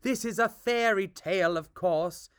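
A woman reading a rhyming fairy tale aloud with a lilting, expressive delivery. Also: mid-range voice, unhurried, no room sound, studio quality. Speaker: storyteller.

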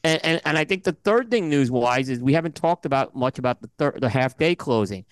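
A man's voice: medium pitch, lively intonation, fairly quick, no room sound. A man guest on a podcast, giving analytical commentary in casual chat, with many fillers and restarts. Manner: analytical, talks in numbered points with many fillers.

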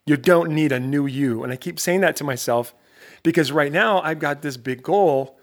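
A man hosting a motivational podcast, talking in an energetic, emphatic, conversational way with lots of rhetorical questions. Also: fairly high pitch, normal speed. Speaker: podcast host.

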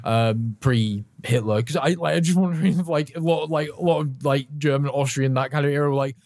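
A man's voice: fairly high pitch, brisk, a little mellow, no room sound. A man hosting a podcast, chatting casually in a rambling way, swearing now and then and laughing often while he sips a drink. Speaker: podcast host.

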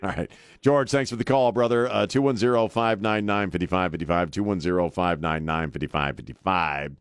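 A man's voice: low-pitched, fairly quick, smooth, no echo, clean studio sound. A man hosting a talk radio show, blunt and joking, laughing often. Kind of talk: casual talk radio banter. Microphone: studio microphone.

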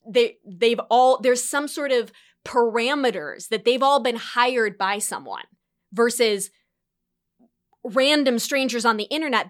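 Bright, animated woman talking solo. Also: on the high side. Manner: animated, quick bursts, frequent light laughs. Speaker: entrepreneur and course creator. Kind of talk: reflective solo talk.

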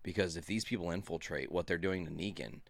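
A man co-hosting a podcast, discussing a comic story in a measured, analytical way. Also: low voice, creaky, dry recording, studio quality. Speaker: podcast co-host. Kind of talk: casual comic book discussion.

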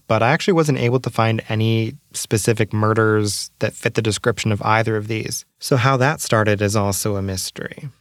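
A man's voice: lowish voice, dry recording, studio quality. Wry, breathless man hosting a podcast. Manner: wry, sarcastic asides. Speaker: podcast host. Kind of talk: casual solo podcast narration. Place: small home closet.

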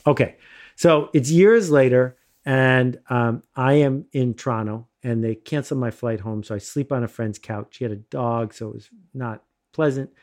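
A middle-aged man from the United States telling a self-deprecating personal story in a casual, animated way, laughing often. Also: mid-range voice, normal speed. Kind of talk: casual anecdote, conversational storytelling.

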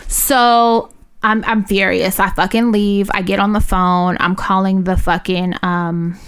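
A woman's voice: medium pitch, a little slow, clean tone. A woman co-hosting a podcast, heatedly retelling a run-in with lots of cursing and quoted back-and-forth. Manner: heated, profane, animated retelling with quoted dialogue. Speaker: podcast co-host. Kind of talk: casual chat, storytelling.

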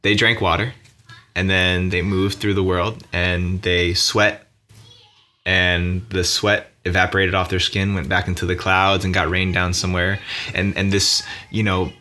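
A man hosting a podcast, talking in a relaxed, reflective and playful way. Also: low voice, unhurried. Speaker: podcast host. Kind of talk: casual podcast conversation.

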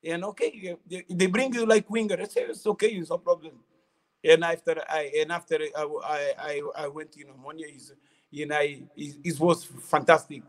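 A man with a high speaking voice tells his football stories in halting, non-native English. He repeats words, laughs often and keeps the casual tone of a relaxed interview. He sounds middle-aged. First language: not English. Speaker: former footballer, interview guest.

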